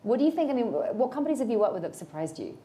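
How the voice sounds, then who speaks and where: A woman's voice: on the high side, big pitch swings, racing, warm tone, a little hiss or hum. A woman hosting a fireside chat, asking an author questions in an enthusiastic, conversational way. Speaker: host, moderator. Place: event space with audience.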